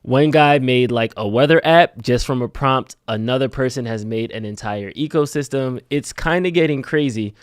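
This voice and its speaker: A man's voice: mid-range voice, moderate pace, few pauses, clean tone, dry recording, clean studio sound. A man co-hosting a live stream in casual chat, laid-back with frequent "like" fillers. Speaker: co-host.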